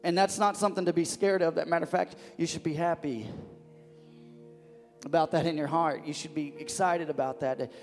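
A man's voice: fairly high pitch, steady tone, brisk, in a large hall, soft background music. A man preaching as pastor of a church, fervent and repetitive, often restarting his words. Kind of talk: sermon. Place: church sanctuary.

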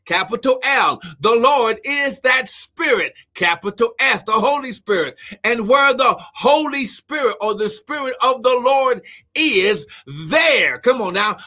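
A male preacher with a very high, bright and forceful voice, delivering a sermon to an online audience. He preaches with fervour, often shouts and keeps urging his listeners on with "come on now." He breaks into speaking in tongues now and then. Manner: fervent, frequently shouting, repeats "come on now". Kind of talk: live-streamed sermon.

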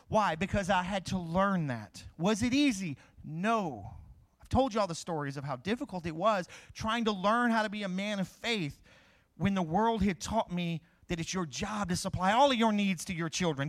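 A man's voice: sits high, expressive, a little fast, a bit bright. A middle-aged man preaching a sermon, asking questions and answering them himself.

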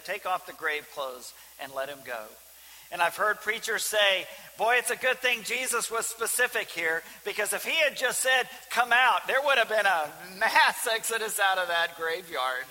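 A man preaching a sermon as pastor, swinging from loud emphasis to hushed, near-whispered lines. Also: fairly high pitch. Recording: reverberant hall with faint hiss.

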